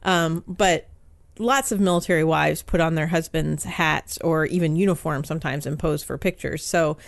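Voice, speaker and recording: A woman's voice: deep voice, normal speed, gravelly, no echo. A woman in her forties, a newspaper columnist, telling a story in casual podcast talk with frequent ums and likes. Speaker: guest author, newspaper columnist.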